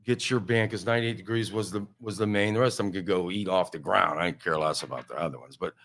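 A middle-aged man telling road stories in casual chat, animated and blunt, swearing and acting out what others said. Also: deep voice, quick pace. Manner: animated, acts out quoted voices, swears.

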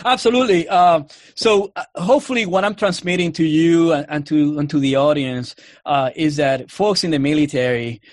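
A man's voice: a little high, normal speed, no room sound, studio quality. A man with a Canadian accent, a guest in a casual interview, talking earnestly and restarting his words often. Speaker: guest, army officer.

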